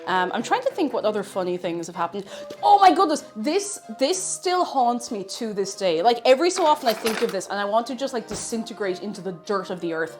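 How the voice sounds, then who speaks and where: A woman's voice: mid-range voice, big pitch swings, a little fast, few pauses, faint music behind. A woman telling self-mocking anecdotes in a casual live stream, with many fillers.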